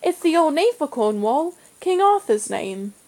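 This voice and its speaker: A high, bright-voiced little boy, eager and dreamy, who speaks in excited, breathless bursts, put on by a woman reading aloud. His pitch jumps well above the reader's own. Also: a little slow, exaggerated voice. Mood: earnest.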